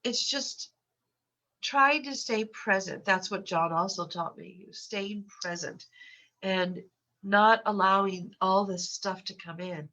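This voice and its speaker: A woman's voice: mid-range voice, slow pace, bright, forceful tone. Stuffy-nosed older woman who stutters. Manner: stutters with repeated sounds and restarts. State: stuffy nose from a cold. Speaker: guest. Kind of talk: podcast interview. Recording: muffled lo-fi audio.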